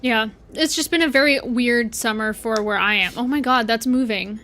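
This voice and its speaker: A woman with a high, lively voice chats her way through a game livestream. Her tone is bright and forward, and she rambles from one thought to the next while answering viewers aloud. The talk stays loose and casual. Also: moderate pace. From Canada. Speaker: streamer.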